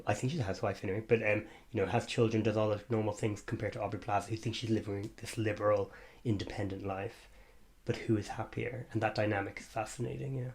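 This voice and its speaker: A man co-hosting a podcast in casual chat, gossipy and quick to laugh. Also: on the low side, steady tone, darkish tone. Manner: chatty, gossipy, laughs often. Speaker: podcast co-host.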